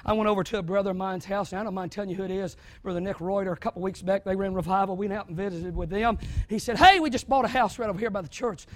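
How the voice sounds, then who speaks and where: Brief: high-pitched young adult male preacher, sermon delivery, dry close sound, quiet then shouting. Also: very fast, few pauses, no room sound. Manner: dramatic swings from hushed to shouting.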